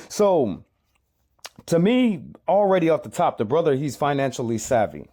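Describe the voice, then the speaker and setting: A man gives emphatic reaction commentary on a clip, his voice sitting slightly high. He repeats his points and leans on rhetorical questions. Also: very animated, normal speed, dark tone.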